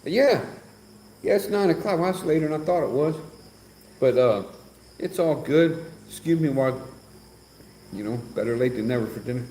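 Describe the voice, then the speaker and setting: A man's voice: a little high, animated, normal speed, pauses often, dark tone. A man hosting a casual livestream, reading comments and joking around in a teasing, chatty way. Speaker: livestream host. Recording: echoey with faint background noise.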